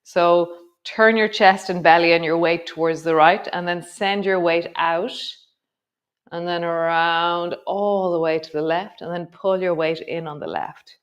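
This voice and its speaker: Woman yoga teacher, calm guided cues, soft trailing words, lowish voice. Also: a little slow, clean tone, highs cut off. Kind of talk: guided yoga class instruction.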